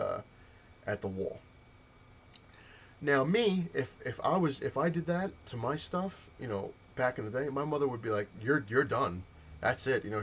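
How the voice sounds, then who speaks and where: Male vlogger, mid pitch, worked-up rant, acts out quotes, faint hiss. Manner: heated, animated storytelling with mimicked dialogue. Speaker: comic collector vlogger. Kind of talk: casual ranting vlog.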